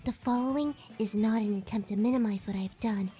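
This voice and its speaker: A woman voicing a gentle, shy young female pony, reading a statement in a meek, breathy, whispery voice over music. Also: medium pitch, a little fast, natural voice.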